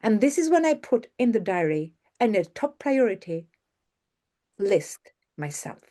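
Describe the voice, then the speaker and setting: A woman's voice: medium pitch, big pitch swings, a little slow, dark tone. A woman hosting an online masterclass over a video call, telling success stories with enthusiasm and repeating words for emphasis. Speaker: masterclass host and media coach.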